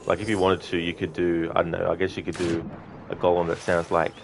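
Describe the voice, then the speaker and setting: A man's voice: low voice, completely flat delivery, brisk, vocal fry, slight background noise. A young man streaming a game, chatting casually with viewers in a rambling way, with lots of ums. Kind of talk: casual live-stream gameplay chat.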